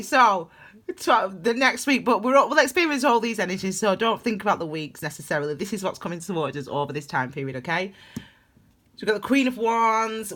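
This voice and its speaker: A woman's voice: mid-range voice, fairly bright tone, slight background noise. A woman giving a casual spoken tarot reading, rambling and heartfelt, with frequent laughs. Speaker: tarot reader.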